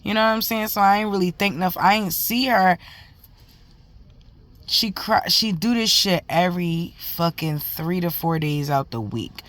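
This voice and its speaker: A woman's voice: on the low side, moderate pace, a bit bright. Heated, profane woman telling a story. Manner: emphatic, heated, profane, talks in run-on bursts. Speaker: mother. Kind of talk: casual storytelling to camera.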